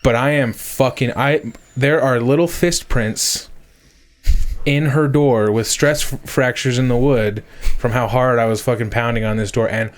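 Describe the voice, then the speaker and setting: Man, podcast co-host, casual storytelling, frequent swearing, builds to shouting. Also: mid-range voice, unhurried. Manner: animated storyteller, swears often, rising to shouts.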